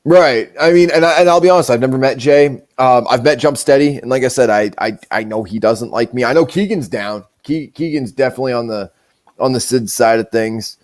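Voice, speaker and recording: A man's voice: mid-range voice, fairly quick, darkish tone. A man hosting a podcast, telling stories in a casual, profane, rambling way. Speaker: show host.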